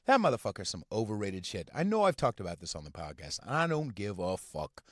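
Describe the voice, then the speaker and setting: A man hosting a podcast from inside his car, ranting casually and profanely in a halting, rambling way full of fillers. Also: lowish voice, big pitch swings, fairly bright tone, dry recording, clean studio sound. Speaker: podcast host. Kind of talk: casual rant.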